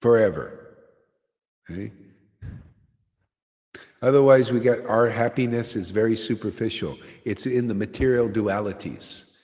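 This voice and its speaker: A man with a fairly low voice gives a casual devotional talk. He keeps checking in with "see?" and slipping in "man". His words ring out with a long reverb, as if in a big hall. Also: unhurried, long pauses, darkish tone. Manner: loose and conversational, keeps asking "see?" and dropping "man". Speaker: spiritual teacher.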